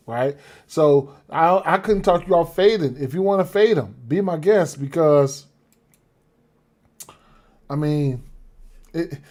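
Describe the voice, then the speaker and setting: A man's voice: a little high, darkish tone. Rambling man talking sports bets. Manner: rambling, repeats himself, frequent fillers and "right?" check-ins. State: has the hiccups. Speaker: sports betting podcaster. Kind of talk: casual betting analysis talk.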